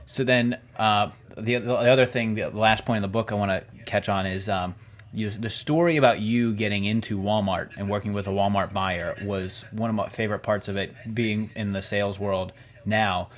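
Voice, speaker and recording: A man's voice: on the low side, fairly even intonation, moderate pace. A man hosting a book club interview, asking long, meandering questions with fillers such as "uh" and "like".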